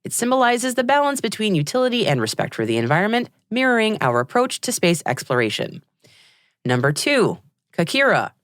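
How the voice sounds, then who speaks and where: A woman's voice: medium pitch, big pitch swings, brisk, no room sound. An American woman hosting a space news podcast on a studio mic, reading the news in an upbeat way with playful asides. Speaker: podcast host.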